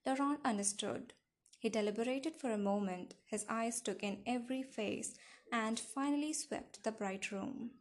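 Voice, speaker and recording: A woman narrating a novel in a steady, even reading style. Her voice is fairly high, and a faint hiss sits under the recording. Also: normal speed. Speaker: audiobook narrator. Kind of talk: scripted narration.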